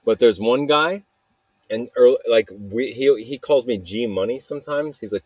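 A man hosts a solo podcast in a loose, rambling way. He laughs often at his own stories. His voice sits low and sounds close and dry. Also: expressive, fairly quick, a little mellow, breathy edge, no echo, lo-fi sound. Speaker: podcast host. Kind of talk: casual solo monologue.

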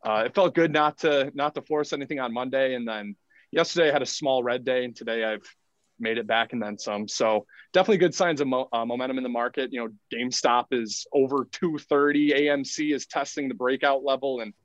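A man's voice: medium pitch, a little fast, no echo, muffled recording. A man who trades, talking as a podcast guest in an easygoing casual chat and laughing often.

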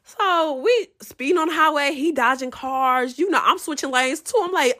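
A woman's voice: high voice, a little fast, few pauses. A young woman casually telling a profane storytime straight to her viewers. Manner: animated, profane, addresses viewers as y'all.

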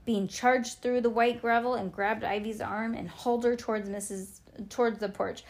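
A woman's voice: a little high, steady tone, normal speed, few pauses, a little mellow. A woman reading a children's book aloud in a playful way, adding chatty asides to her listener. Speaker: storybook reader.

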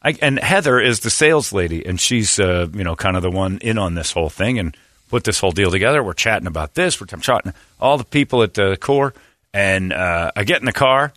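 Animated, self-mocking male radio host. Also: on the low side, fairly quick, no echo, clean studio sound. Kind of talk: casual morning-show chat.

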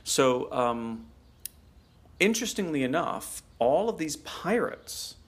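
A man's voice: fairly high pitch, big pitch swings, takes it slowly, slightly rough. A man co-hosting a casual talk show, explaining things in a chatty way full of fillers and asides. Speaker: podcast co-host. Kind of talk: casual chat.

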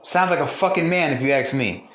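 A man's voice: a little high, fairly quick, fairly bright tone, reverberant. A man hosting a podcast, delivering an angry, profane rant and repeating phrases for emphasis. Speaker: podcast host. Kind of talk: heated ranting monologue.

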